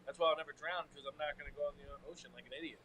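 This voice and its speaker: Man, casual podcast chat, slightly high pitch, easygoing, self-deprecating. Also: fairly even intonation, rapid-fire, a crowd in the background, low-quality recording. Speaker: podcast co-host.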